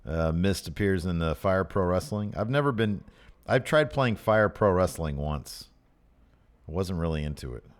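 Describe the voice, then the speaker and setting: A man's voice: deep voice, expressive, moderate pace. A man co-hosting a casual podcast, joking around and reading out comments from the chat. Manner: jokey, reacts to live chat comments. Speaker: podcast co-host.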